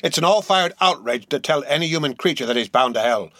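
A man's voice: fairly high pitch, a little fast, a bit bright, no echo, studio quality, voice pushed up, natural voice. A man voicing a fiery, blustering old sea captain who roars oaths in an audiobook reading. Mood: raging. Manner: roaring, outraged oaths. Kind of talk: audiobook character voice.

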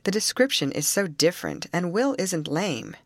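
A woman reading aloud voices a sensible young woman who takes charge. She speaks briskly and decisively, with a lively rise and fall, and the recording is dry. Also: fairly low pitch, no echo. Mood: eager.

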